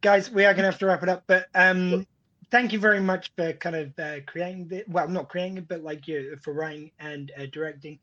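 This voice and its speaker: A man hosting a podcast, chatting in an animated, enthusiastic way and laughing easily. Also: sits high, brisk. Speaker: podcast host. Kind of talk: casual podcast chat. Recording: dull lo-fi audio.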